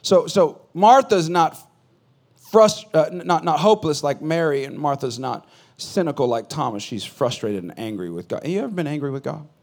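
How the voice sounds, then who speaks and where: A man who is a pastor, preaching a sermon in a conversational way, swinging between loud bursts and quiet asides. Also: on the high side, animated, normal speed.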